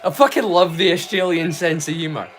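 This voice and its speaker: A Scottish man hosts a livestream, chatting casually and sweary with his viewers, rambling and laughing easily. His voice is fairly high and a bit bright, and he talks a little fast.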